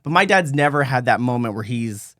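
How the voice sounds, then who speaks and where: A young man co-hosting a podcast, telling a long personal story in casual chat, acting out other people's voices with sudden high jumps. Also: a little fast, no room sound, clean studio sound. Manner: animated storyteller, acts out voices with big pitch jumps. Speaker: podcast co-host.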